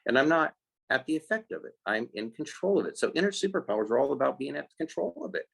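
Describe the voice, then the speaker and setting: Gravelly-voiced man, animated coach. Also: mid-range voice, quick pace, poor audio. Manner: animated explaining, acts out quoted voices. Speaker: guest, life skills coach for kids. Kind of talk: casual podcast interview.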